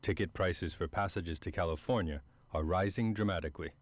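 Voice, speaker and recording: A man voicing a stately narrator and announcer in a video game who makes measured announcements. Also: low-pitched, dry recording, lightly acted. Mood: announcing.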